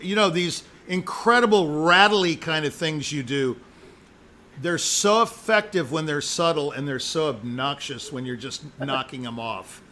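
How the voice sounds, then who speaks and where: Man, audition judge, emphatic and jokey, repeats himself, bright tense voice, a bit high. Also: unhurried, slight background noise. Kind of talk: live spoken feedback to a musician.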